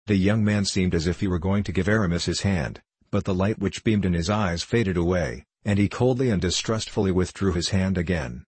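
A man narrating a classic novel as an audiobook in a measured, even way. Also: low voice, slightly rough, dry recording.

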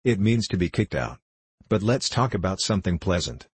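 A man's voice: deep voice, very animated, moderate pace, husky, dry recording, full character voice. A man voicing a crooked, shrewd old deposed gnome king in a storybook reading, wry and sly in manner. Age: older.

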